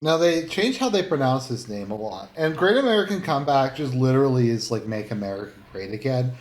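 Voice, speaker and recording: A man's voice: mid-range voice, big pitch swings, a little fast. A man giving casual commentary online, rambling and blunt, with many fillers and some swearing. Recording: roomy, echoey room.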